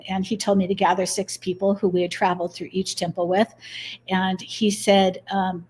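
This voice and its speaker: A woman's voice: medium pitch, level tone, moderate pace, darkish tone, breathy edge. A middle-aged woman speaks as an interview guest. She tells personal stories earnestly, acting out the dialogue as she goes. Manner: earnest, acts out quoted dialogue. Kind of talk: interview storytelling.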